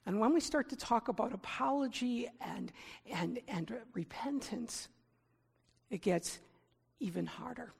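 Gravelly-voiced woman preaching in a hall. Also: on the high side, a little slow. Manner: conversational, self-deprecating, animated when illustrating. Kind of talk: sermon.

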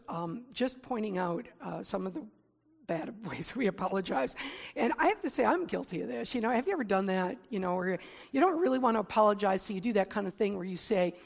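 A woman giving a sermon in a conversational, self-deprecating way, getting animated when she gives examples. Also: mid-range voice, gravelly, husky, long reverb tail. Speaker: preacher.

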